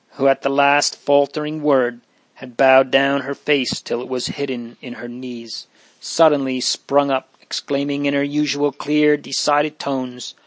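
A man reads a period novel aloud in a measured, even storytelling voice. His pitch sits in the middle range. The recording is dry and close, with no room sound. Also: no echo. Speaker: audiobook narrator. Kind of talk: scripted narration of a period novel.

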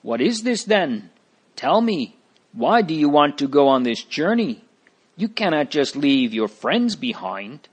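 A man's voice: a little high, very animated, unhurried, breathy edge, voice pushed up, exaggerated voice. A man reading a story aloud, voicing a fearful neighbor woman who scolds and pleads in a raised voice. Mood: scolding.

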